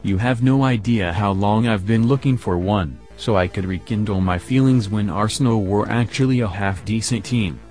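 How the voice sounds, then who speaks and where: A man plays a prim rival buyer in a comedy sketch, whining and complaining in a fairly low voice. Faint music plays underneath. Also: normal speed, few pauses, a little mellow.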